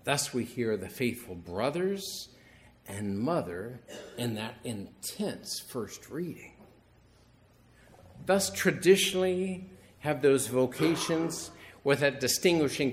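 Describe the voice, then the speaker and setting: A man's voice: medium pitch, animated, measured pace, a little hiss or hum. A middle-aged male priest giving a homily that starts as a wry, conversational story and moves into teaching.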